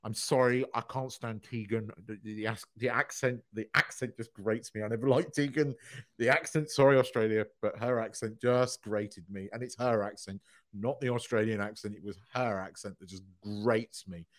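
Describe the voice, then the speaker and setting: A man's voice: fairly low pitch, steady tone, moderate pace. A man co-hosting a casual podcast, opinionated and swearing as he rants. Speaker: podcast co-host.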